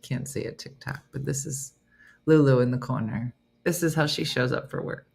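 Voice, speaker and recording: A middle-aged woman hosting a morning comedy show, chatting casually and telling animated funny stories. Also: moderate pace, vocal fry. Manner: animated storytelling, mimics voices in low growls.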